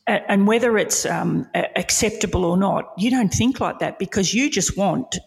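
A woman's voice: medium pitch, moderate pace, gravelly, long reverb tail. A woman hosting a podcast interview, encouraging her guest with frequent affirmations. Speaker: podcast host. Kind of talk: interview conversation.

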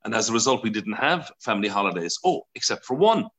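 Chatty Irish man with a bright voice. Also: on the low side, very animated, fast. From Ireland. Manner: chatty, laughs often, acts out voices in his stories. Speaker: broadcaster and interview guest. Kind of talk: casual storytelling interview.

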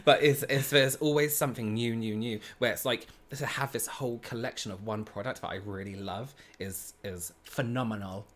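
A man's voice: medium pitch, moderate pace, few pauses, fairly bright tone. Gushing chatty man. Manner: gushing, chatty, laughs often. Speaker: podcast co-host. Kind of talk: casual chat.

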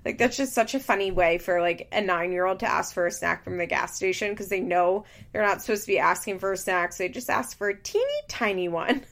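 A woman's voice: lowish voice, a little fast, vocal fry, few pauses, a bit bright. A woman giving casual, opinionated commentary on a reality show, talking freely with lots of filler words. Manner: chatty, opinionated, frequent "like" fillers. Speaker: podcast host recapping reality TV.

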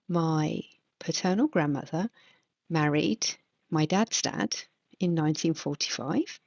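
Lower-voiced woman in her forties, chatty. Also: takes it slowly, vocal fry, darkish tone, no room sound. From England. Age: 40s. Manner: chatty and reflective, with frequent ums. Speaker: podcast host. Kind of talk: casual solo podcast monologue. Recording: dull, lo-fi, dry sound.

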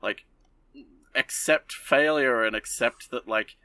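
Brief: man doing a smug, lecturing female witch teacher in a podcast recap, deadpan. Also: mid-range voice, takes it slowly, no echo, far from the mic. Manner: flippant, deadpan paraphrase. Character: smug adult female witch mentor, offhand.

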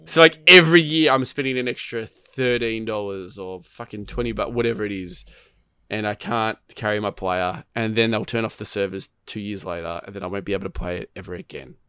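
A man's voice: on the low side, fairly quick, clear, resonant tone, dry recording, clean studio sound. A man chatting casually about a video game, telling rambling stories with plenty of swearing. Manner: rambling, profane, animated storytelling. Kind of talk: casual gaming chat.

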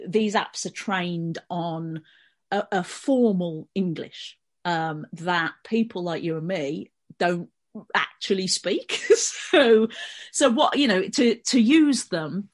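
Low-voiced Birmingham woman chatting. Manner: conversational, explaining at length. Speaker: panel guest columnist. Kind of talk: casual podcast discussion.

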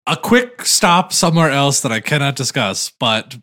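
A man playing a tabletop game, talking in a relaxed, joking way. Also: mid-range voice, moderate pace. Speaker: player. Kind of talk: casual tabletop game play.

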